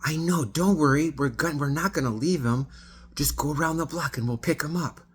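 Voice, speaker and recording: A man voicing a tipsy, excitable young woman passenger who is loud and bubbly. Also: fairly high pitch, moderate pace, pitched above the performer's own voice, lightly acted. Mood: excited.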